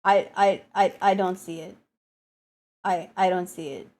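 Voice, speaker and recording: A woman streamer with a cold, chatting casually and excitably with her chat, swearing and scolding them playfully. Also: on the low side, a little slow. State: has a cold, coughing.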